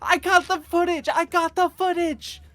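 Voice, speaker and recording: A man's voice: little pitch movement, moderate pace, a bit bright, no echo. A man voicing a flustered, apologetic young woman with a camera in a tabletop game. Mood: excited. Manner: frantic apologizing, squeaky.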